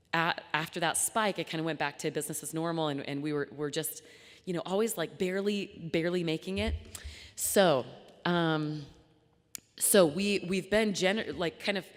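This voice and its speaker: Young woman, low voice, chatty luncheon talk with lots of ums, big echoey hall. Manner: earnest and chatty, with frequent fillers and restarts. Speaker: nonprofit founder giving a luncheon talk. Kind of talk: speech to a live audience. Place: large banquet hall. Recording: long hall reverb.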